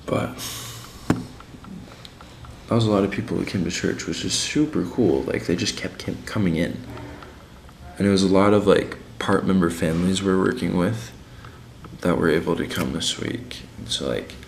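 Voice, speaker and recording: Young missionary man, low and gravelly, casual slangy video diary, roomy echo. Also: normal speed, long pauses, slight background noise. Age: young adult. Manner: laid-back and slangy, many fillers.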